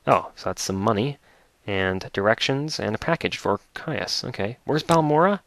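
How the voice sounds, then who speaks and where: Excitable man playing a video game. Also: on the low side, normal speed, creaky, no room sound. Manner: excitable, gushing, joking. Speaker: let's play host. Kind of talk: casual gameplay commentary.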